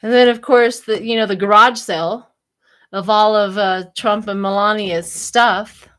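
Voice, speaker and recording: A woman's voice: medium pitch, fairly even intonation, unhurried, fairly bright tone. An older woman from Colorado doing a casual, chatty tarot reading for her channel, laughing often and wandering into gossipy asides. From Colorado, United States. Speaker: tarot reader.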